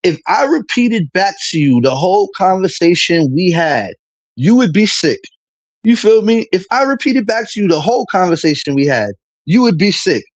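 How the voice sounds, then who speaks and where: Man, venting stream talk, heated and repetitive, street slang, fairly high voice, dry mic. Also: husky, no room sound. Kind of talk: casual venting monologue.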